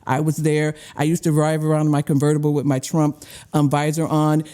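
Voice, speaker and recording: Middle-aged woman from Illinois, lively raconteur who voices every quote, laughing through it. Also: brisk. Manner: lively, laughing, acts out quotes with big pitch jumps. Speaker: guest, former candidate and radio host. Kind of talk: animated storytelling in casual chat.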